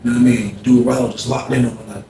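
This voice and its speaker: Here the storyteller talks rapid-fire at medium pitch, his tone warm and steady, as he animatedly acts out a profane tale. Faint background noise and echo fill the room.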